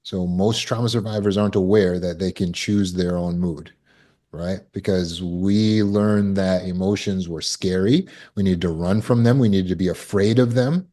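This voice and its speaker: A man's voice: sits low, moderate pace, warm tone. A man coaching on trauma recovery in a casual talk, telling stories and acting out quoted people with big jumps in his voice.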